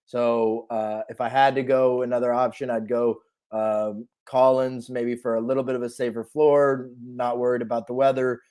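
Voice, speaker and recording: A man giving fantasy football picks on a live show, speaking in a measured, hesitant way with many pauses and ums. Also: medium pitch, flat delivery, darkish tone, clean tone. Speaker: co-host analyst.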